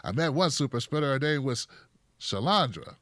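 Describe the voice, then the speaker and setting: A man hosting a comedic political commentary show, talking in an animated, sarcastic and profane way. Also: mid-range voice, normal speed, dry recording. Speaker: host.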